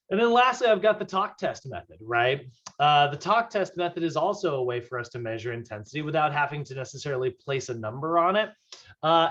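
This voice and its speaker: A man's voice: a little high, a bit bright. A man teaching a recorded fitness class in a casual, chatty way, full of fillers and tag questions. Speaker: fitness instructor. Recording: slightly dull lo-fi audio.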